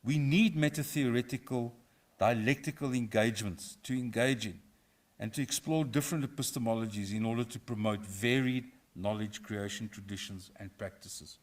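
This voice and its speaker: A middle-aged professor from South Africa, giving a formal inaugural lecture in a measured, reflective way with a touch of humour. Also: male voice, mid-range voice. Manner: measured, reflective, lightly humorous. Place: university auditorium.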